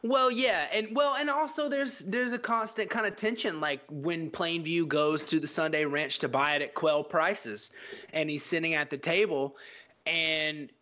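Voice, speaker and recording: A man co-hosting a casual film podcast, talking in an animated, profane way and acting out scenes. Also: on the high side, unhurried. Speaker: podcast co-host.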